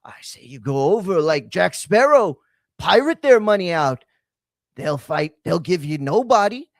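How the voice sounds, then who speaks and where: A man's voice: sits high, very animated, measured pace, dry recording, studio quality, heavily acted. Man putting on a scheming British promoter. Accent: mock British. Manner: exaggerated cockney slang, sly persuading.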